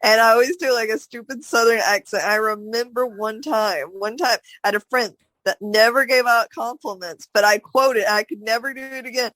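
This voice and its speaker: A woman co-hosting a podcast in casual chat, giggly and quick to put herself down. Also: on the high side, steady tone, a bit bright, no room sound. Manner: self-deprecating, giggly. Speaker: podcast co-host.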